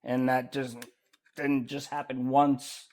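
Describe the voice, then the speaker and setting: A man's voice: mid-range voice, flat delivery, slow, a little mellow. A man from the United States, a guest on a casual podcast chat, speaking candidly and critically about himself and swearing freely. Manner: candid, self-critical, profane.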